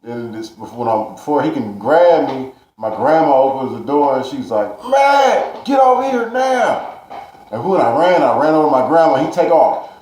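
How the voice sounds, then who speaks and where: A man's voice: mid-range voice, a little fast, dark tone. Profane rambling man in an echoey room. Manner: profane, rambling, street slang. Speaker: vlogger ranting to camera. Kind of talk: casual storytelling rant.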